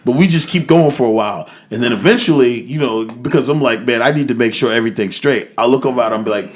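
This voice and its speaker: American man telling a lively story. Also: mid-range voice, fast talker, hardly any pauses. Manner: animated, acts out the people in his story, heavy slang, swears a lot. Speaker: podcast co-host. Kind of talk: casual storytelling with friends.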